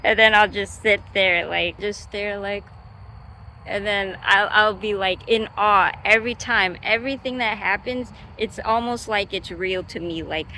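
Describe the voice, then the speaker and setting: A woman's voice: mid-range voice, unhurried, bright, forceful tone, a little hiss or hum, rough recording. A young woman vlogging in a loose, rambling way, chatty and easygoing, with lots of fillers, restarts and the odd curse word. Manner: swearing, easygoing. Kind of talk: casual rambling vlog.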